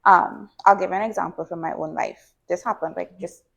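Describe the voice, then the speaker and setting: A young adult woman, a behaviour analyst guest, calmly explaining and telling stories from her own life in a casual podcast chat. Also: fairly low pitch, moderate pace, gravelly, muffled recording. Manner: calm, explanatory, tells personal stories. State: pregnant.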